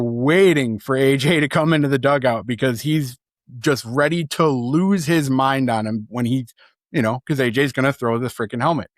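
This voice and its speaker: A man from the Chicago area, co-hosting a sports podcast and telling anecdotes in a casual, animated way with lots of fillers. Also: mid-range voice, dry recording, clean studio sound. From Chicago area, USA. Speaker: podcast co-host. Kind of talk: casual chat, storytelling.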